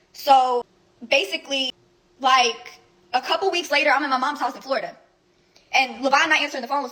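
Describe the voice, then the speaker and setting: A woman's voice: sits high, a bit bright, rough recording. A young woman telling a rambling, blunt story full of swearing and fillers. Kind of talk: casual storytelling recap.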